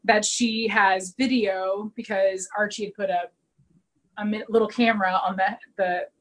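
A woman co-hosting a podcast in casual chat, retelling a TV episode with animated storytelling. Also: medium pitch, moderate pace, poor audio. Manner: animated storytelling, acts out characters' lines. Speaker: podcast co-host recapping a TV episode.

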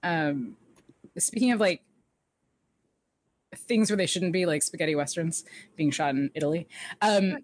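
A woman co-hosting a laid-back recap chat, her voice sitting slightly low. She laughs often and slips into lively quoted character lines as she retells the plot. The sound is dry and close, with no room around it. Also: unhurried, long pauses, no echo. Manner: chatty, laughs often, animated quoting of characters. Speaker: podcast co-host recapping a TV episode. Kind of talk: casual chat.

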